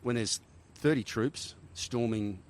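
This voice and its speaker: A middle-aged Australian man, a former army helicopter pilot, telling animated stories in a casual interview, often checking in with "right?". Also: mid-range voice, slow, slight background noise. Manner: animated war-story telling, frequent "right?" tags.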